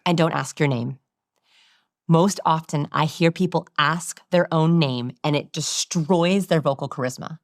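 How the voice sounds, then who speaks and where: A woman with a low voice for her sex explains communication research in an interview, lively and quick to demonstrate. The recording is close and dry. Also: no room sound. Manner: animated, demonstrating vocal examples.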